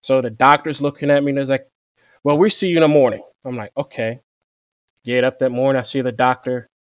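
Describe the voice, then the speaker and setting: A young man who served as a Marine, telling his story in a relaxed, conversational way and quoting people with "I'm like.". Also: medium pitch, a little fast, dry recording, clean studio sound. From Virginia. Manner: relaxed, repeats "I'm like" to quote himself. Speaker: interview guest, former Marine machine gunner.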